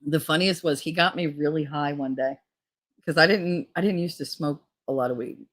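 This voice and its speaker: A woman's voice: deep voice, normal speed. A woman hosting a casual livestream, telling frank, profane stories and reading out chat comments. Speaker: streamer host.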